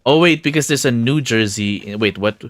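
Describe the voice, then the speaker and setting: A man's voice: medium pitch, normal speed, no room sound. A man streaming a video game, chatting casually with his viewers, laughing often and tripping over his words. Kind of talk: casual live-stream chat.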